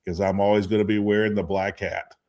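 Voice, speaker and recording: A man's voice: lowish voice, little pitch movement, fast, darkish tone, lightly acted. A man putting on a pompous New York sportscaster. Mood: grandiose. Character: brash pompous older male sportscaster.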